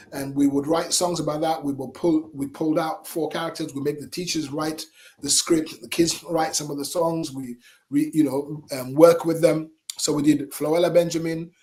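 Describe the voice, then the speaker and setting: A middle-aged man, a singer and entertainer, telling stories as a radio guest in a lively, animated way with chuckles. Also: on the high side. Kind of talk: casual interview storytelling. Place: radio studio.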